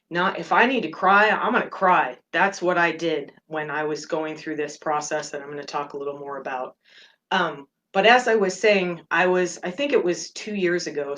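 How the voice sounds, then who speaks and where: Low-voiced woman hosting a reflective talk. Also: a bit bright. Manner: earnest and open, speaks in halting phrases with fillers. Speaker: meditation podcast host.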